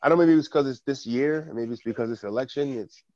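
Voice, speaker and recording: A man's voice: mid-range voice, fast, no room sound. Muffled man telling a story, cursing. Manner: animated storytelling with profanity. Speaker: podcast co-host. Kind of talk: casual chat.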